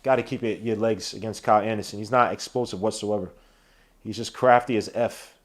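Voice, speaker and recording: A man hosting a live watch-along podcast, calling the basketball game play by play with slangy, excitable talk that breaks into shouts at big plays. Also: lowish voice, brisk. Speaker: podcast host doing play-by-play.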